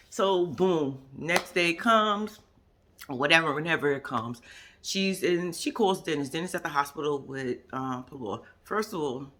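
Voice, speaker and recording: Sassy animated woman recapping a reality show. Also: fairly low pitch. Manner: animated and sassy, acts out quoted people, drops into whispered asides. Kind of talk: casual episode recap chat.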